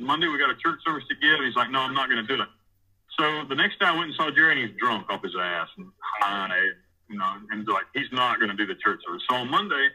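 A man's voice: medium pitch, bright, forceful tone, husky, poor audio. A man in prison telling a rambling, profane story about taking over church services, often acting out what others said. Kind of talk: casual storytelling interview.

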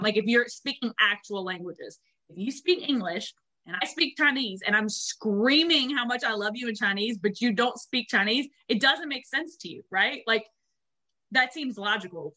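A young woman co-hosting a podcast, chatting casually and swearing freely as she tells animated stories with acted-out quotes. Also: a little high. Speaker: podcast co-host. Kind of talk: casual chat.

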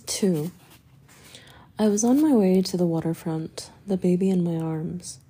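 A woman narrating a story as an audiobook reader, in a measured, steady way. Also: on the low side, husky.

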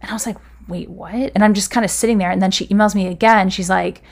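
A woman's voice: medium pitch, fairly even intonation, fast, creaky. A young woman casually telling a personal story, filling it with "like" and acting out what people said. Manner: chatty, full of "like" fillers, acts out quoted dialogue.

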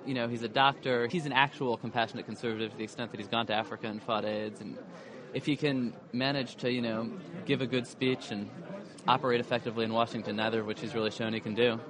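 A man, a newspaper columnist, giving quick, wry interview answers from a convention floor. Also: mid-range voice, fairly even intonation. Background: convention crowd.

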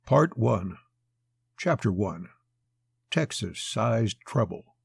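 A man narrating a western novel in a steady storytelling voice. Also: fairly low pitch, slow, creaky, slightly rough, dry recording. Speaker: audiobook narrator.

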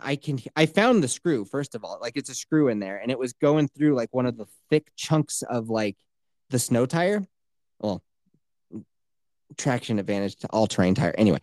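Young male host, loose profane storyteller, average pitch, dry mic. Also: darkish tone, no room sound. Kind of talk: casual chat.

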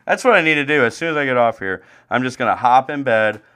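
Young guy on a sports podcast going off, cursing a lot, bright edgy voice, loud then muttering. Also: lively intonation, fast talker, clear, resonant tone. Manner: angry, profane, swings from loud ranting to low mutters. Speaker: podcast co-host. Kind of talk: profane ranting sports podcast chat. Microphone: home streaming mic.

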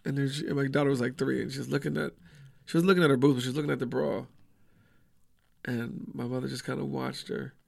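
A man's voice: mid-range voice, fast talker, creaky, no echo, studio quality. A middle-aged man, a comedian guest, telling family anecdotes in casual chat and acting out the voices of his kids and wife. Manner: animated storyteller acting out family scenes.

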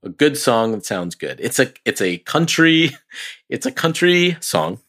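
A man co-hosting a casual sports podcast, chatty and quick to laugh. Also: medium pitch, very animated, a bit bright. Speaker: podcast co-host.

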